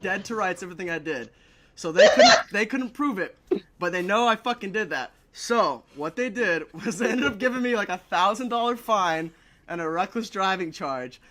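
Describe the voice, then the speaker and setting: A man's voice: high-pitched, lively intonation, moderate pace, bright, forceful tone, slight background noise. A young man telling a story in a casual chat, swearing a lot and laughing between lines. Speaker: podcast guest.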